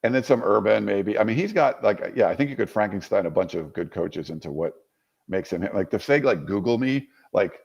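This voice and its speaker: Low, gravelly-voiced man, dull lo-fi sound. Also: brisk. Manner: loose, rambling, lots of "like". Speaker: podcast co-host. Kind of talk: casual sports podcast chat.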